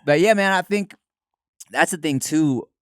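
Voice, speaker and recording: A man's voice: a little high, a little slow, dry recording, clean studio sound. A man co-hosting a podcast, telling rambling stories full of fillers, laughing as he goes. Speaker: podcast co-host. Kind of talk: casual chat, storytelling.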